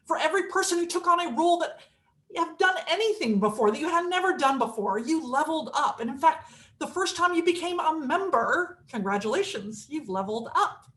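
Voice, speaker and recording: A woman's voice: high voice, fairly bright tone. A woman minister giving a conversational sermon, telling stories and acting out quotes. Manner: conversational storytelling with acted quotes.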